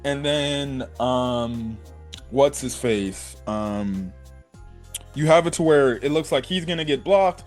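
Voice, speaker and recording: A young man giving a casual, excited episode review, talking in a loose run of fillers and slang. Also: medium pitch, slow pace, soft background music. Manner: excited fan talk, many fillers and "bro". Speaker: anime reviewer.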